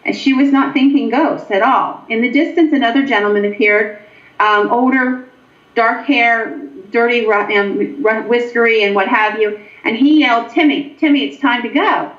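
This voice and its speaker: A woman's voice: on the high side, steady tone, moderate pace. A woman, a guest paranormal investigator, telling a long ghost anecdote with frequent ums. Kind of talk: storytelling in a show interview. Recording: echoey, dull lo-fi line.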